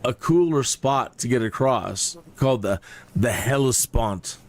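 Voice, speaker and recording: A man's voice: medium pitch, measured pace, noisy background. Rambling male game streamer. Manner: rambling, jokey, with many fillers. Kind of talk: casual live-stream commentary.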